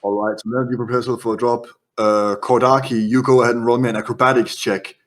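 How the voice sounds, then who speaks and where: A man running a horror tabletop game as game master, narrating scenes in quick descriptive bursts. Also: mid-range voice, level tone.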